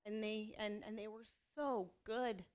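In this candid personal testimony, a woman in her thirties talks earnestly about her faith and family as a mother, tossing in self-deprecating asides. Her mid-range voice has a darkish tone, fairly even intonation, and a slightly slow pace.

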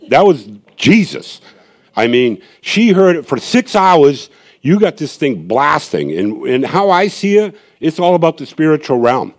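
A man's voice: mid-range voice, darkish tone. A man, a street evangelist, telling a gathering his testimony in a rambling, earnest way, with many restarts and asides.

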